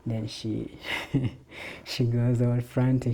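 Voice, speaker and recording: A man's voice: mid-range voice, fairly even intonation, extremely slow, creaky, pauses often, dark tone, husky, highs cut off. A man hosting a casual solo podcast, laid-back, laughing often and swearing freely. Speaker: podcast host.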